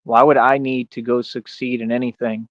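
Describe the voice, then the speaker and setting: Guy ranting on stream, brags and mocks, middle pitch, kinda dull dry mic. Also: flat delivery, moderate pace, no echo. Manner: boastful, mocking, taunting with repeated "right?". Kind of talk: ranting monologue.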